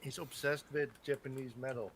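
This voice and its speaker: A man's voice: medium pitch, normal speed. A man hosting a game stream, chatting casually and rambling with lots of restarts. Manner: rambling, many restarts and hedging fillers. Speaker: streamer host. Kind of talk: casual chat while gaming. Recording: steady background noise.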